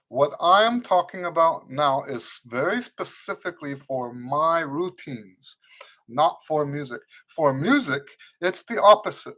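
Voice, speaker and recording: A man with a slightly high, bright, expressive voice teaches trumpet at an unhurried pace during an unscripted live-stream Q&A. He's earnest and instructive, repeating key phrases for emphasis, and he reads viewer comments aloud and greets people as they post.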